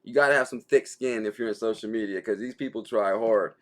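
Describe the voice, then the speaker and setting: A man hosts a daily crypto livestream, chatting casually and reading out viewer comments in a laid-back, slangy way, laughing easily. His voice is fairly low-pitched and a little fast.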